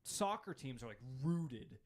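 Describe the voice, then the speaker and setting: A man co-hosting a podcast, talking in an animated, jokey way with lots of fillers. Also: a little high, a little slow, a little hiss or hum. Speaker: podcast co-host. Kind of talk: casual chat.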